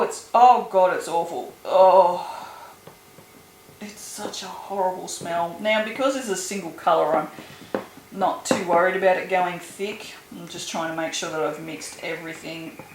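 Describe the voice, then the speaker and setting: A woman making soap at home, chatting casually and groaning and swearing in disgust at a smell. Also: lowish voice. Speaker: soap maker. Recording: echoey room with noise.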